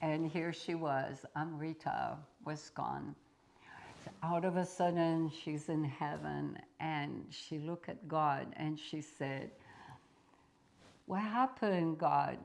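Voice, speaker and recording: A woman spiritual teacher telling a parable at a satsang in a deliberate storyteller's manner. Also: sits low, fairly even intonation, creaky, a little mellow.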